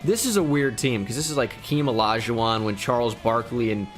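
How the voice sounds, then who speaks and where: A man's voice: mid-range voice, brisk. A young man giving casual, opinionated commentary on a video, with lots of fillers. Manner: relaxed, opinionated, many fillers. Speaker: gaming YouTuber. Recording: faint music behind.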